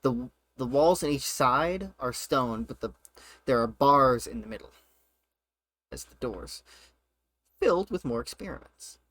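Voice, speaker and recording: A man narrating a tabletop game as game master, often pausing to search for words. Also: mid-range voice, expressive, fairly bright tone, no echo.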